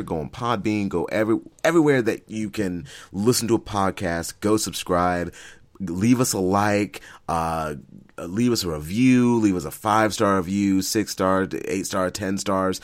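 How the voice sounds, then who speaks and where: Podcast co-host, man, very low voice, lively storyteller who laughs a lot. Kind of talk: casual chat.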